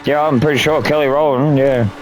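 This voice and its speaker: A man's voice: mid-range voice, steady tone, a little fast, a little hiss or hum. Swearing Australian man narrating gameplay. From Northern Territory, Australia. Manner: crude, swears freely, rambling asides. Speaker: gaming streamer. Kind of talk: casual gameplay commentary.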